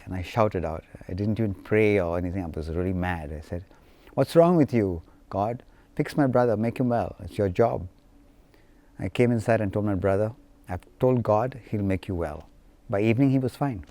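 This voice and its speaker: A man from India telling personal stories in an animated, playful way. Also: lowish voice, dry recording. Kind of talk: personal storytelling.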